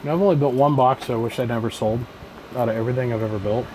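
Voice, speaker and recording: Male guest, amplifier builder, mid-range voice, plain-spoken storyteller, clear room noise behind. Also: mid-range voice, fast, darkish tone, rough recording. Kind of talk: casual storytelling.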